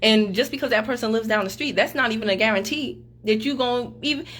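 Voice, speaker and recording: Bright, lively woman team leader. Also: fairly high pitch, fast, slight background noise. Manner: lively, teasing, motivational. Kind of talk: casual group chat on camera.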